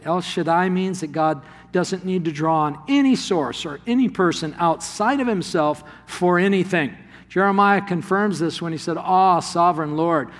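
Animated man preaching in a reverberant hall. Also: fairly high pitch. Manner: animated, laughs often, plays the voices in the story. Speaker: pastor. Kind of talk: sermon.

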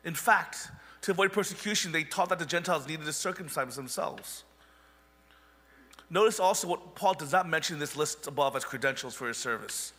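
A man's voice: a little high, lively intonation, a little fast, pushed and bright, in a large hall. A man, a pastor, preaching a sermon in a conversational way with wry asides.

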